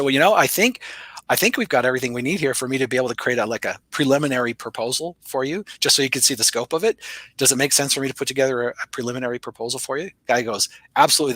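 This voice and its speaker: A middle-aged man, a sales author and guest, telling stories in a lively way and acting out both sides of the dialogue. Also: no echo. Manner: energetic, acts out dialogue with big pitch jumps. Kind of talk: storytelling interview talk.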